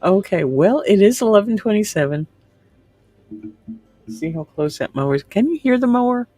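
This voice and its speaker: A woman's voice: mid-range voice, animated, normal speed, dark tone, husky, no room sound, soft background music. A woman livestream host chatting casually with her viewers and reading their comments, laughing often and sometimes dropping to a whisper. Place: room at home with window open.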